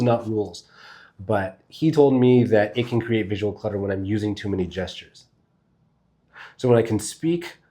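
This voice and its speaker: A man's voice: lowish voice, dark tone. A man giving a casual spoken lesson to camera as a speaking coach, loose and conversational, swearing now and then and thinking aloud as he goes.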